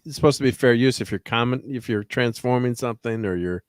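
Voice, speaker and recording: A man's voice: mid-range voice, fast, smooth, no room sound, studio quality. A middle-aged man hosting a casual livestream chat, laid-back and chuckling often. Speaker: host.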